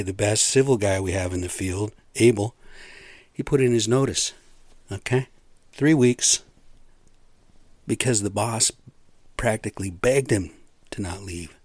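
A man's voice: fairly low pitch, no echo. A middle-aged man venting to his listeners in a casual rant, frustrated and profane, rambling with lots of fillers. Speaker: construction site worker venting.

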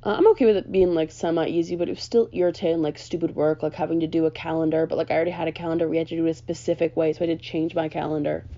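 A woman's voice: low voice, steady tone, rapid-fire, few pauses, warm tone, lo-fi sound. A young woman, a college student ranting sarcastically on her vlog, full of "like" and rising exasperation. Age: young adult.

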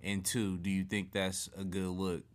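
A man hosting a casual sports podcast, profane and animated, getting loud when worked up. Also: low-pitched, normal speed. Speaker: podcast host.

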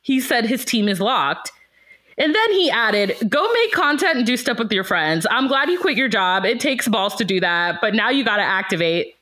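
A woman's voice: on the high side, big pitch swings, normal speed, pushed and bright. A young woman co-hosting a podcast, telling a story in casual chat with lots of laughter. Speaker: podcast co-host.

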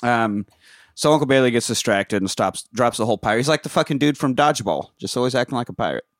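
A man's voice: mid-range voice, animated, no room sound, studio quality. Profane laughing man recapping a movie. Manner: profane, laughing, acts out characters in quick voices. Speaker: podcast host. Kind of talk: casual movie recap chat.

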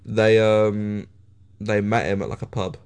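A man's voice: on the low side, fairly even intonation, a little slow, a little mellow, smooth. A young English man co-hosting a podcast, chatty and swearing freely as he tells stories with frequent laughs. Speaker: podcast co-host. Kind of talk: casual podcast chat.

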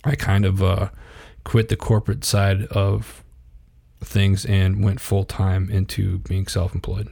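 A man's voice: low voice, takes it slowly, gravelly, slightly rough. A man in his thirties, a podcast guest, telling stories in a casual interview and acting out quotes in a raised voice. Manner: animated, acts out quotes in a raised voice.

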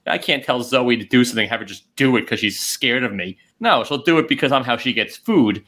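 A man's voice: mid-range voice, expressive, fairly quick, fairly bright tone. A middle-aged man co-hosting a casual podcast chat, blunt and teasing, full of wisecracks. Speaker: podcast co-host.

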